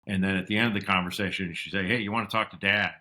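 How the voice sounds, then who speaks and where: A middle-aged man telling stories as a podcast guest, reflective, and lively when he quotes his father. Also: sits low, racing. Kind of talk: casual interview storytelling.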